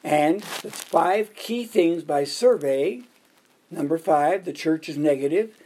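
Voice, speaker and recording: A man's voice: a little high, lively intonation, slow, a little mellow, a little hiss or hum. A man preaching a sermon, telling joke anecdotes and counting off his points in order. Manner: jokey storytelling, counting off points. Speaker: pastor.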